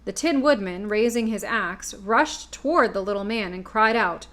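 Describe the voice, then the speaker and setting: A woman from the US Midwest reading a classic children's book aloud in a steady, clear storytelling voice. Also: medium pitch, normal speed, few pauses. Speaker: audiobook reader. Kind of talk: storybook narration.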